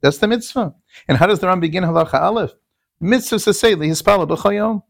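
A man's voice: high voice, fast, gravelly, no room sound, studio quality. A man teaching a Talmudic lecture, repeating key terms and asking rhetorical questions. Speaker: Torah teacher.

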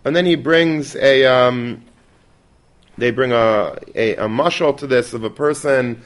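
A man's voice: mid-range voice, measured pace. A man teaching a Torah class in a conversational way, dropping Yiddish and Hebrew terms and restarting often.

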